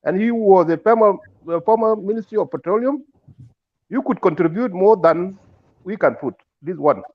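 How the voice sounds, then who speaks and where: A man's voice: high voice, animated, moderate pace, highs cut off. A man calling in with formal remarks, hesitant and full of fillers. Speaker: caller.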